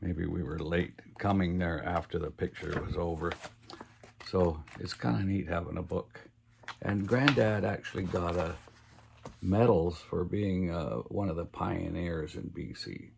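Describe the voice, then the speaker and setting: Older man, folksy rambling storyteller, low register with a gravelly edge. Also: fairly even intonation, a little slow, noisy background. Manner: rambling and folksy, full of "uh" and "you know". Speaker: family storyteller. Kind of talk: casual personal storytelling.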